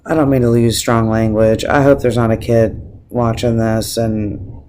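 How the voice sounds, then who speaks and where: A man talks straight to camera in a loose, emotional rant, swearing often and tripping over his restarts. He sounds teary and close to crying, and his voice sits at a middle pitch. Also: level tone, measured pace, mellow, slight background noise. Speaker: vlogger. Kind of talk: casual opinion rant to camera.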